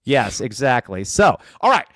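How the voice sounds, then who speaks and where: Lively, joking male podcast host. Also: medium pitch, measured pace, no room sound, studio quality. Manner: rambling, joking, many fillers. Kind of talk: casual sports podcast chat.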